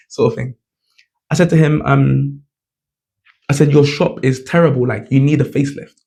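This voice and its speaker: Chatty young man with gravelly voice. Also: mid-range voice, a little fast. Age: 20s. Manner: chatty, animated storytelling full of "like" and "you know". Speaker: vlogger. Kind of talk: casual storytelling to camera.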